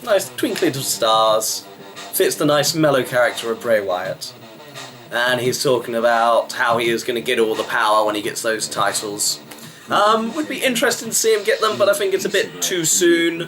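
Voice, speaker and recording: Bright-voiced man with wry commentary. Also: medium pitch, normal speed, faint music behind, poor audio. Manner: chatty, wry running commentary; rambling with frequent fillers. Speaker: wrestling show reviewer. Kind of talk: casual vlog review.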